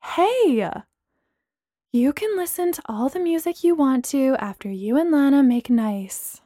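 A woman's voice: high-pitched, animated, measured pace, mellow, no room sound, studio quality, pitched above the performer's own voice. Impatient blunt young woman, read by a woman narrator. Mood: snappy. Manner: snappish, impatient.

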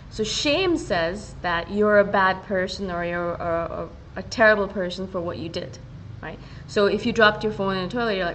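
A woman hosting a solo podcast, talking in a casual and earnest way and often slowing down to stress her point. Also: mid-range voice, a bit bright, slight background noise, rough recording. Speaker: podcast host.

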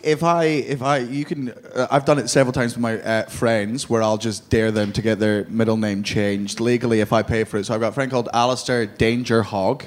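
A man's voice: medium pitch, fairly even intonation, fairly quick, hardly any pauses. A man, a comedian guest on a live podcast, bantering crudely with lots of swearing and laughter. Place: stage before a live audience. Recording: live show with noise.

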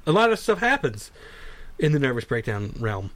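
A man's voice: medium pitch, moderate pace, no echo. A man co-hosting a podcast in casual, profane chat, telling stories and acting out what people said. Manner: animated, swears freely, quotes people in put-on voices. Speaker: podcast co-host.

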